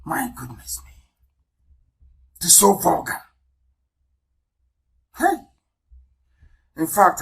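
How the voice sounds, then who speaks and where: A man from Nigeria, giving an impassioned radio address as a movement leader. He repeats phrases, spells words out letter by letter, and swings between loud outbursts and low, quiet asides. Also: low-quality recording.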